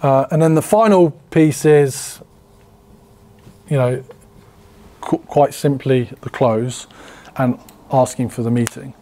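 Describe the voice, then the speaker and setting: Slow and mellow, with frequent pauses, a man with a medium-pitched voice teaches a casual sales workshop. He's chatty, leaning on filler words and restarting sentences as he explains.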